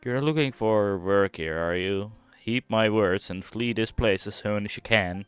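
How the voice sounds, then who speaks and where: A man's voice: lowish voice, measured pace, smooth, soft background music, lightly acted. A man reading out game lines as a down-on-his-luck barfly, with a put-on British-style accent and a rueful, grumbling delivery.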